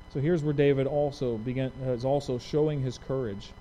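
A man's voice: mid-range voice, fairly quick, hardly any pauses. A man preaching a verse-by-verse Bible sermon, asking his listeners questions and acting out the people in the story. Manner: lively, asks the audience questions; acts out quoted speech conversationally.

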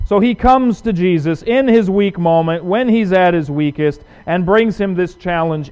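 A male pastor preaching a sermon, asking rhetorical questions and swinging from loud emphasis to hushed lines. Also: high voice, moderate pace, hardly any pauses. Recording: dull lo-fi recording.

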